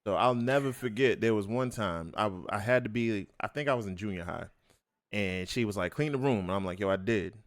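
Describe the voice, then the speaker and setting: A man's voice: fairly low pitch, a little fast. A man co-hosting a podcast, telling casual stories and acting out the voices of the people in them. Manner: animated, acts out quotes. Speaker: podcast co-host. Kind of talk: casual storytelling chat. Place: podcast studio.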